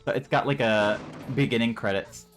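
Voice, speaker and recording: A man's voice: medium pitch, normal speed, fairly bright tone. A man streaming a video game and chatting casually about it, rambling a little as he goes. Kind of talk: casual gameplay commentary. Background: game music.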